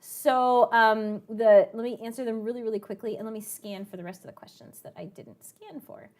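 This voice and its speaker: Woman math teacher, chatty and storytelling, asks kids questions, slightly high voice. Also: steady tone, moderate pace, darkish tone. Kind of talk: live online class.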